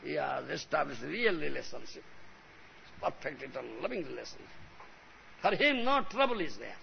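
A man gives an emphatic devotional sermon. He constantly checks in with his listeners. His high, gravelly voice swings widely in pitch, heard on a dull recording with a faint hiss. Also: very animated, normal speed. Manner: emphatic, frequently asks "huh?" and "you understand?". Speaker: spiritual teacher.

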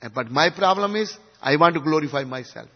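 Husky man giving a devotional lecture. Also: on the high side, lively intonation, fairly quick. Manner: swings from hushed to emphatic, asks the audience questions. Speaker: spiritual teacher. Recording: dull recording in a reverberant hall.

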